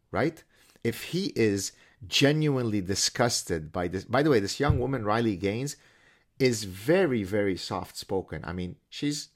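A man hosting his own show, giving a sarcastic, animated commentary monologue full of mocking asides. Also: lowish voice. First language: French. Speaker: host.

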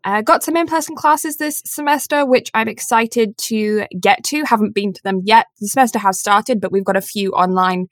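A woman in her twenties chats on a podcast in a middle-pitched voice. She rambles and giggles and pokes fun at herself. The sound is close and dry. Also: normal speed, hardly any pauses, a bit bright, dry recording. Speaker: podcast co-host. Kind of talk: casual chat.

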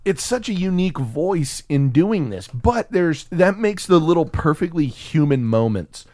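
A man co-hosting a casual film podcast, animated and swearing freely as he riffs on a movie. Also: a little high, measured pace, dry recording. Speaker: podcast co-host. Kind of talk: casual movie review chat.

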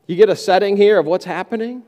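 A man's voice: high-pitched, fast, mellow, big-room sound. A man preaching a sermon, who acts out the disciples' complaints in a raised voice. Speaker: pastor.

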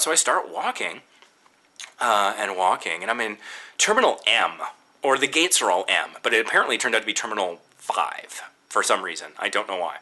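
A man casually recounting a frustrating airport layover, animated and exasperated, acting out both sides of his exchanges with staff. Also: mid-range voice. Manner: exasperated, animated, quotes himself and others. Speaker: traveler telling a story. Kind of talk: casual storytelling rant.

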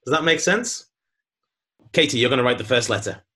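A man's voice: mid-range voice, expressive, brisk, bright, forceful tone. A man setting up an improv scene for two players, casual and hesitant with ums. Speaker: improv game host.

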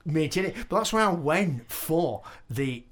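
A man's voice: on the high side, animated, a little slow. A man hosting a casual interview, rambling with many restarts and laughs. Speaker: podcast host.

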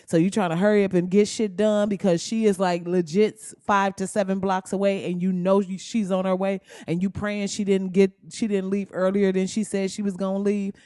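A man hosting a casual comedic talk show, profane and animated, often slipping into quoted voices. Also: high voice, moderate pace, few pauses, clean tone, dry recording, clean studio sound.

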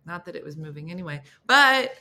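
A woman's voice: lowish voice, animated, brisk, noisy background. A woman hosting a morning show, telling a story in casual chat and acting out both sides of phone calls with big jumps in her voice.

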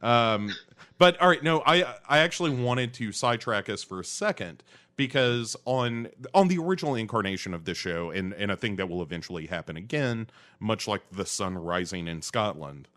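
A man's voice: fairly low pitch, expressive, normal speed, a bit bright. A man hosting a podcast in casual chat, rambling and joking, often sidetracking himself. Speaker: podcast host.

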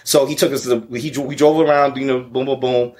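A man spins a story in loose, profane street talk at a middle pitch. He keeps checking in with his listeners as he goes. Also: fast. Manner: profane, animated storyteller, repeats "you know what I'm saying". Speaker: podcast guest. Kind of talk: casual storytelling.

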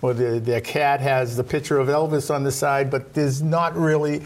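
A man's voice: mid-range voice, steady tone, moderate pace. Chatty man hosting. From Boston, Roslindale. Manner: chatty, rambling with repeated words. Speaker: host. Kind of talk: casual interview chat.

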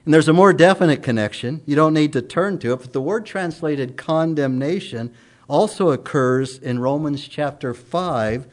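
A middle-aged man preaching a sermon in an earnest, emphatic way, his voice rising and falling strongly. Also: on the high side.

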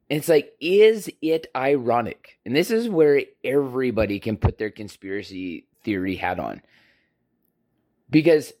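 A man's voice: medium pitch, darkish tone. A man delivering a heated, profane opinion rant on his own channel, blunt and rhetorical.

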